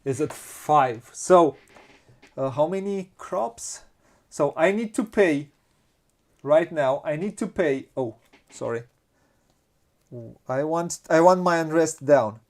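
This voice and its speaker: Speaking slowly in a slightly high voice and pausing often, a Romanian-accented host plays through a board game casually. He tallies his pieces and reasons out loud while planning each move.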